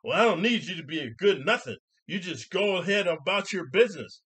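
A man's voice: high voice, lively intonation, brisk, fairly bright tone, breathy edge, pitched above the performer's own voice, heavily acted. A man putting on the voice of an entitled woman driver who snaps angry retorts. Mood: snapping.

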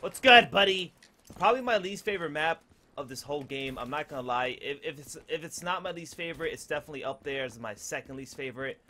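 High, bright, hyped young gamer man. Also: expressive, quick pace. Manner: hyped, loud outbursts and trash talk. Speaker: gaming video creator. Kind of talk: excited gameplay commentary.

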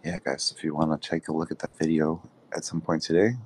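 A man with a brisk, slightly rough bass voice hosts a live audio chat room in Thailand. He talks loosely and casually, rambling along with plenty of fillers in relaxed conversation.

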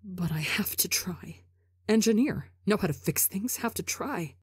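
A woman's voice: mid-range voice, expressive, unhurried, darkish tone, slightly rough, no room sound, studio quality. A woman reading a desperate, apologetic young man in a story, pleading with stammers and broken restarts. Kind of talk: audiobook character reading.

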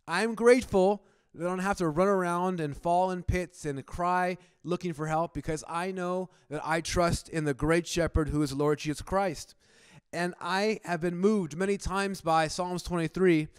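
Man preaching, smooth clear voice. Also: high-pitched, no room sound, studio quality. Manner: conversational preaching, repeats words when restarting; asks the congregation direct questions. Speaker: pastor. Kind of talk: sermon. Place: church service.

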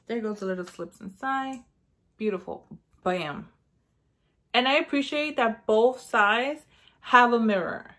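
A woman's voice: fairly high pitch, a little slow, long pauses, a bit bright. A woman beauty vlogger chatting casually, telling a rambling story full of "like" and acting out her own lines. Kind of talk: casual chat.

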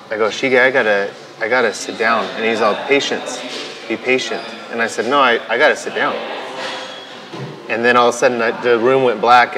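A man, a tattoo artist, telling his story in a documentary interview, halting and restarting often and quoting his own thoughts. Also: fairly low pitch, rough recording. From United States.

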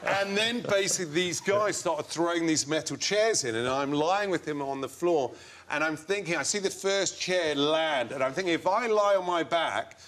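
A man telling comic stories as a guest on a chat show, playing the people in them in an animated way. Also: on the high side, moderate pace. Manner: animated storyteller doing the voices of people in his stories.

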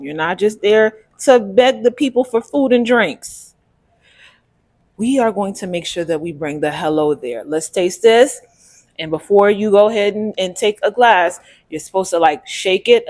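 A woman with a mid-range voice vlogs casually to camera, reviewing a wine in a sassy, playful way. She breaks into sudden loud exclamations and uses Southern-tinged slang.

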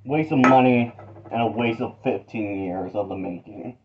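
A man's voice: on the low side, normal speed, dull audio, background noise. A man giving a casual, complaining review in a played video clip.

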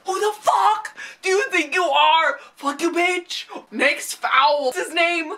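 A woman ranting in a reaction vlog, swearing constantly and breaking into shouted outbursts. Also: extremely high pitch, slow. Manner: profane, rants with shouted outbursts. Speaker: vlogger reacting to a webtoon chapter.

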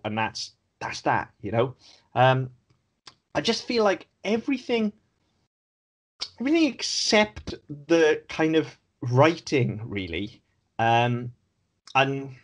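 A man's voice: mid-range voice, big pitch swings, slow, long pauses. A man co-hosting a podcast, chatting casually and critically, swearing now and then. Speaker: podcast co-host. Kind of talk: casual chat.

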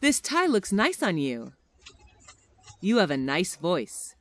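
Slow, expressive woman reading practice phrases. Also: fairly low pitch. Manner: expressive, careful enunciation. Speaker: English phrase reader.

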